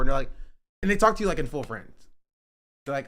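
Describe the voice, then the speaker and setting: A man talks at an ordinary middle pitch in loose, rambling casual chat. He keeps looping back on himself, restarting sentences and tagging lines with "right?" or "you know?" as if checking in with the listener. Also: very animated, fast, long pauses, fairly bright tone. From United States. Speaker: streamer.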